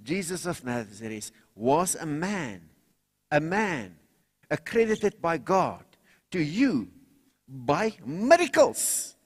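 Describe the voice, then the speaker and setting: Fervent preacher with a lively high voice. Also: male voice, takes it slowly, husky. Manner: fervent preaching, sudden loud cries then quiet low asides; calls for congregation responses. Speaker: pastor. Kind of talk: sermon. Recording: long hall reverb.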